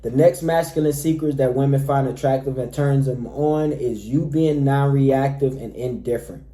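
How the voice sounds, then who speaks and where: A man's voice: medium pitch, moderate pace, dark tone, reverberant. A man giving dating advice to men, emphatic, addressing his listeners again and again as fellas. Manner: emphatic, repeatedly says "all right, fellas". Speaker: dating coach. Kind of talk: direct-to-camera advice talk.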